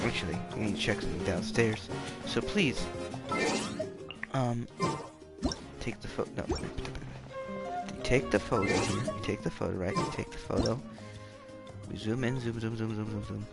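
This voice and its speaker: Gravelly goofy gamer man. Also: on the low side, expressive, unhurried, long pauses. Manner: rambling, goofy, playfully self-mocking. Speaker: game streamer. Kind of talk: hushed late-night gaming chatter. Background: game music.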